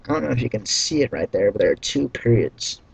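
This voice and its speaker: A man reading a badly written novel aloud and breaking off for deadpan, sarcastic, profane commentary. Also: medium pitch, fairly quick, vocal fry, breathy edge, rough recording. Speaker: reader mocking a book.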